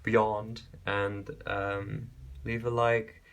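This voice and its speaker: A man giving a pick-a-card tarot reading, talking gently and reassuringly, rambling with restarts and calling listeners babe and beautiful soul. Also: fairly low pitch, level tone, very slow. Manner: affectionate, calls viewers babe and beautiful soul. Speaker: tarot reader.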